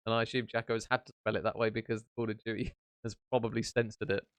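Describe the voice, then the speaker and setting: A young man giving live esports play-by-play as a caster, chatty and quick to banter between rounds. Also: lowish voice, level tone, smooth, no room sound.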